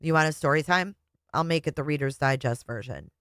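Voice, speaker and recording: A low-pitched woman in middle age hosts a casual live stream and talks straight to her chat. She is blunt and chatty and swears freely. Her voice sounds close and dry, with no room echo. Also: brisk, a bit bright, clean tone.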